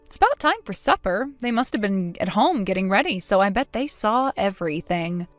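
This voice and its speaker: A woman's voice: medium pitch, big pitch swings, a little fast, no room sound, faint music behind. A woman reading a texting story as the daughter-in-law, with a cold, accusing and sarcastic manner. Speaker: narrator voicing the daughter-in-law.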